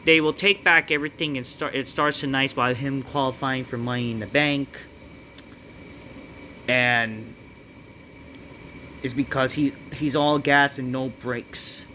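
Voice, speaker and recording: A man's voice: medium pitch, fairly even intonation, measured pace, long pauses, pushed and bright, slight background noise. Profane, dismissive man ranting. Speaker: wrestling reviewer. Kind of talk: ranting review vlog.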